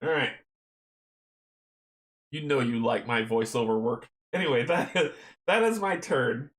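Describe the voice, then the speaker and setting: A man talks his way through a solo board game, reading out the game text and chuckling to himself. His voice sits at an average pitch. The room around him gives it a noticeable echo. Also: unhurried, a bit bright. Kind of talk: playthrough narration, reading game text aloud. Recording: roomy echo.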